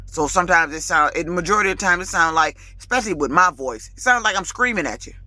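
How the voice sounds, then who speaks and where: In a dry recording, a woman with a lowish, expressive voice talks at a quick pace, sounding pushed and bright. As a lease-purchase truck driver venting to her vlog audience, she's emphatic and authoritative, growing heated and louder, speaking colloquially and repeating words.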